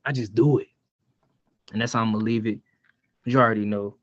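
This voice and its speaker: A man's voice: medium pitch, expressive, quick pace. A man co-hosting a podcast, bragging and trash-talking playfully in casual banter. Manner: boastful, playful trash talk. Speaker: podcast co-host. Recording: dull lo-fi sound.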